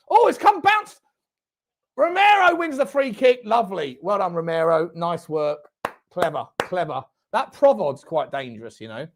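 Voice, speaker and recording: At a moderate pace and in a high, sing-song voice, a fan host leads a live football watchalong. He's chatty, reads out what viewers write, and breaks into shouting at the referee and at the chances.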